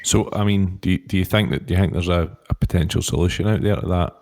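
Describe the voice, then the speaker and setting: A man interviewing a guest, asking questions in a halting way and restarting his phrases often. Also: low voice, a little mellow, dry recording. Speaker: podcast interviewer.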